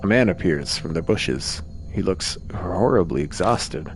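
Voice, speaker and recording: A man streaming a horror game, reading the text aloud at a measured pace with casual asides. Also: low voice, animated, slight background noise. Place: home streaming setup.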